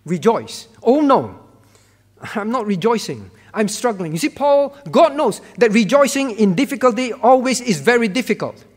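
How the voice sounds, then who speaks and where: A male pastor preaching a sermon with emphatic repetition, swinging from quiet to loud. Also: high voice. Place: church sanctuary. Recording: church hall with long reverb.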